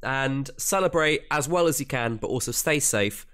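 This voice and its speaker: A man's voice: mid-range voice, lively intonation, moderate pace, fairly bright tone, clean tone. A young man co-hosting a podcast in casual chat, rambling and restarting his sentences. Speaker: podcast co-host.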